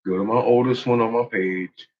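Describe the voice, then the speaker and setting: A man's voice: fairly low pitch, steady tone, normal speed. A man ranting on a live stream in casual, profane talk, laughing often and calling out to his viewers by name. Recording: muffled lo-fi recording.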